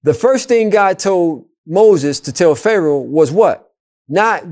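A man co-hosting a faith talk, retelling Bible stories in a lively, colloquial, preacher-like way and repeating his points. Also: high voice, slow pace. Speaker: co-host and Bible teacher. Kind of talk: animated faith discussion with storytelling.

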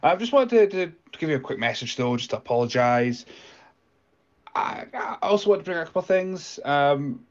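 A man's voice: a little high, sing-song, moderate pace, dull audio. A man voicing a self-important male podcaster who stammers through an indignant voice note. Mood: apologetic. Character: pompous male podcaster leaving a scolding voice note.

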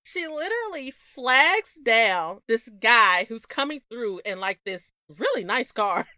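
A young adult woman co-hosting a podcast, telling stories in a casual, animated way, laughing often. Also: a little high, measured pace, few pauses, no room sound, clean studio sound. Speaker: podcast co-host. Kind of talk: casual chat.

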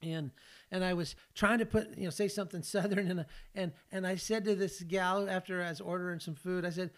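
A man's voice: high voice, steady tone, a little fast, fairly bright tone. A man in his sixties from California hosts a faith podcast, telling personal stories in an earnest, folksy way. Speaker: podcast host and ministry leader.

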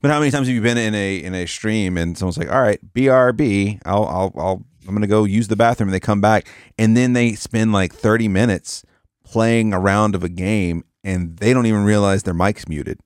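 Very low-voiced man, dry close sound. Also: brisk, clear, resonant tone, no room sound. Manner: profane, animated storytelling with quoted asides. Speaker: podcast co-host, former radio host. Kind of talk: casual chat.

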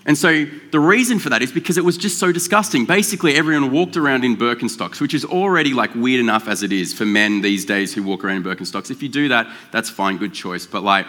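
A man preaching a sermon in a relaxed, joking, conversational way, slowing down to stress key words. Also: mid-range voice. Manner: conversational and joking, with drawn-out emphasis. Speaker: pastor. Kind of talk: casual sermon.

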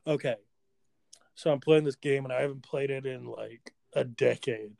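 A man's voice: medium pitch, normal speed, vocal fry, darkish tone, dry recording. A man in his twenties co-hosting a podcast, bantering casually and laughing mid-sentence as he riffs. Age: 20s. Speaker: podcast co-host.

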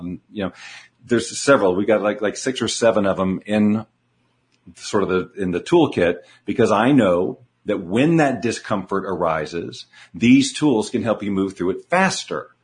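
A man, a guest coach in an interview, explaining his ideas earnestly and repeating key words for emphasis. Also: fairly low pitch. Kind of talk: conversational interview.

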